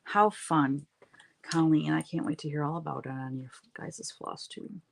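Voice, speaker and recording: A woman's voice: deep voice, normal speed, gravelly, slight background noise. Middle-aged woman, talkative craft-stream host, rambling storyteller, laughs a lot. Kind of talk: casual chat with viewers while painting.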